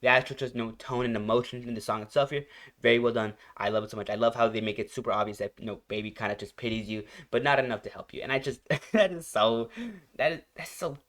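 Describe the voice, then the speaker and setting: A man's voice: medium pitch, quick pace, fairly bright tone. Young male reaction host, mid-range voice, rambling and gushing, laughs a lot. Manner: gushing, rambling, searching for words; laughs often between phrases. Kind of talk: casual reaction commentary.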